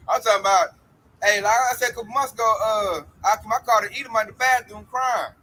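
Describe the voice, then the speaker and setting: A man's voice: high-pitched, fast talker, bright, forceful tone, low-quality recording. A man preaching in an emphatic, slangy street style about coming judgment.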